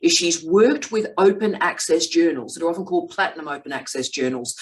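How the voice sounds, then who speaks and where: A woman's voice: low-pitched, rough recording. Effusive middle-aged woman, academic host. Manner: effusive, emphatic, quick to praise. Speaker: vlog host and PhD supervisor. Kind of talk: casual academic conversation.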